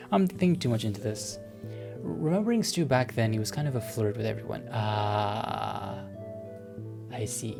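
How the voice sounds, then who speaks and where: A man's voice: on the low side, moderate pace, gravelly, a little mellow, faint music behind. A man reading a visual novel aloud, breaking off into flustered, jokey, stammering commentary. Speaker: gaming video creator.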